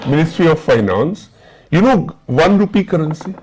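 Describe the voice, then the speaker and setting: A man's voice: a little high, lively intonation, moderate pace, darkish tone, rough recording. Indian male teacher lecturing a class. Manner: checks understanding with repeated questions.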